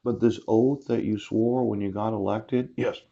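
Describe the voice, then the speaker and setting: A man's voice: on the low side, steady tone, moderate pace, gravelly, warm tone. A man from the United States in a rambling monologue aimed at officials, breaking his phrases with short laughs and a repeated "yes.". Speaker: self-recorded speaker addressing officials. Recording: dull lo-fi sound.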